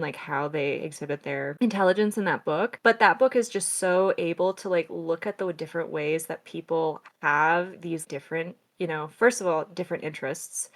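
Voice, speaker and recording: Lower-pitched woman, animated book podcaster. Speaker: podcast co-host. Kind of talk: casual book discussion.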